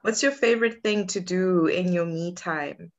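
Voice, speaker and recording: A woman hosts a podcast interview in relaxed conversation. Her voice sits a little low, and she is encouraging and quick to laugh. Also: dull audio. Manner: warm encouraging, laughs often. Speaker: podcast host. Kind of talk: casual interview chat.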